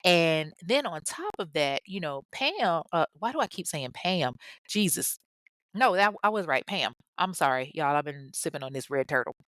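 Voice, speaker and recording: A woman casually telling a true crime story, animated and chatty, drifting into tangents and casual swearing. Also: low voice, moderate pace, no echo. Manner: animated and chatty, acts out the people she quotes.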